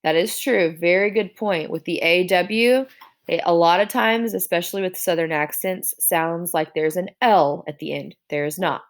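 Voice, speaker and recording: A woman's voice: fairly low pitch, moderate pace. A woman teacher giving a classroom spelling dictation, sounding out words syllable by syllable.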